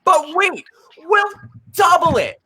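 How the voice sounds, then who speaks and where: A man playing a manic infomercial pitchman in a comedy sketch, switching between shouting and hushed hard-sell. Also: wildly swooping pitch, slow pace, full character voice. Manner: hard-sell, swings loud and soft, whoops.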